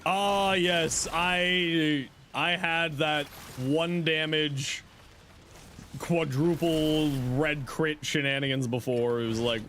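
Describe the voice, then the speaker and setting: A man's voice: on the high side, steady tone, slow pace, fairly bright tone, a little hiss or hum. A young man streaming a game, chatting casually and joking as he reads chat aloud. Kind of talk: casual live game commentary.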